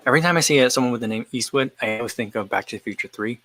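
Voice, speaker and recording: Male host, mid pitch, bright tone, loose live-stream chat, thinks aloud and wanders between answers. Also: racing, dry recording, poor audio. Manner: rambling, thinks aloud while answering viewers. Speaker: running channel host. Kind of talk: casual live-stream chat while eating.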